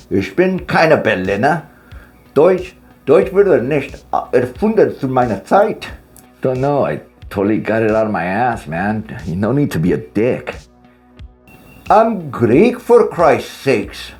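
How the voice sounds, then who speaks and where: A man voicing a grumpy old Aristotle with a put-on German accent, loud and strained, in a comic skit. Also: fairly low pitch, lively intonation, a little fast, few pauses, soft background music, close to an everyday voice. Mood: indignant. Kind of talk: comedy skit.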